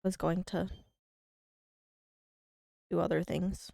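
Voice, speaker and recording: A woman's voice: lowish voice, level tone, slow, vocal fry, dark tone, no echo, studio quality. A young woman streaming a game from home, chatting casually in a rambling, mock-whiny, self-deprecating way. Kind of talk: casual live-stream chat.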